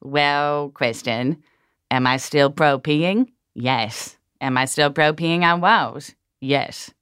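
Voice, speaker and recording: A woman voicing a brash, dim-witted male pet dog, talking bluntly and crudely with a deadpan delivery. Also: low-pitched, slow pace, clean tone, no room sound, clean studio sound. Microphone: studio microphone.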